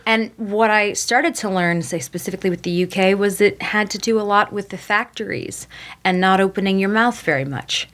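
A woman's voice: medium pitch, normal speed, a bit bright. An American woman hosting a podcast, chatting enthusiastically with her guest. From United States. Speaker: podcast host. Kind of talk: casual interview chat.

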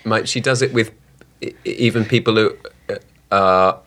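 A man's voice: lowish voice, unhurried, a bit bright. A man, an actor, chatting casually as a guest, often restarting his sentences. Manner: hesitant, lots of restarts. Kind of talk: casual chat.

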